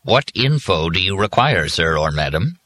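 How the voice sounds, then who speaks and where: A man's voice: low voice, sing-song, moderate pace, sharp tone, exaggerated voice. A man voicing a robotic government encyclopedia on the phone, curt and officious.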